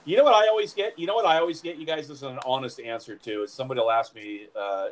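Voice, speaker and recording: A man hosting a casual chat with veterans, animated and quick to laugh and exclaim. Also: a little high, low-quality recording.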